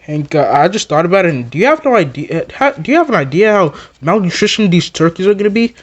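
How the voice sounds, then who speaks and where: A man's voice: sits high, sing-song, fast talker, lo-fi sound. A man doing a stammering puppet sidekick. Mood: worried. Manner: stammering, worried. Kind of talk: plush puppet comedy skit.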